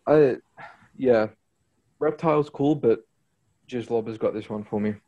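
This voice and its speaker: A man's voice: medium pitch, a little slow, mellow, lo-fi sound. A man rambling casually about songs on a podcast, hunting for words. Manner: rambling, lots of fillers and restarts. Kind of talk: casual music chat.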